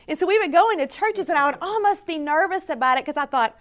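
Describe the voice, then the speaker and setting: A woman's voice: high voice, expressive, fast. A woman telling her faith story at a conference, earnest and storytelling, quoting her own prayers. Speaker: conference speaker. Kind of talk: personal testimony talk.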